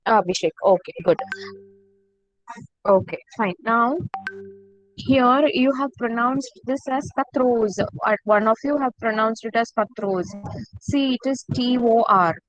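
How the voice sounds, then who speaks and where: Woman teacher repeating slowly. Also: on the high side, rough recording. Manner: slow, repeats each word for students. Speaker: French teacher. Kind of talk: online class lesson.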